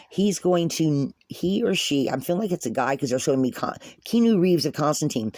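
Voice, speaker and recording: Woman tarot reader, earnest and rambling, warm mellow voice, dry close sound. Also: low voice, dry recording. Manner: earnest, repetitive, rambling, addresses viewers as guys. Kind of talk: spoken tarot reading to viewers.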